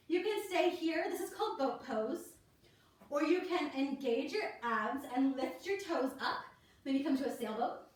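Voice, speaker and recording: A woman's voice: high-pitched, recorded from a distance. A woman teaching a kids yoga class, encouraging and talking the children through each pose step by step. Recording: echoey room, voice from off the mic.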